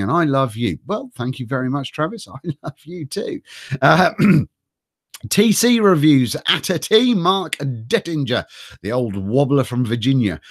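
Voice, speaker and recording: A middle-aged man with a cold and a slightly high voice hosts a live stream on a desk microphone, chatting casually, reading names from chat, and occasionally swearing. The audio is clean studio quality with no echo.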